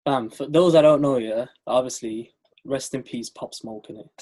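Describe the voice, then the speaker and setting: Husky-voiced young man, laid-back. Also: mid-range voice, normal speed, darkish tone. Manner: laid-back, laughs often, slang-heavy. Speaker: podcast co-host. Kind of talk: casual chat.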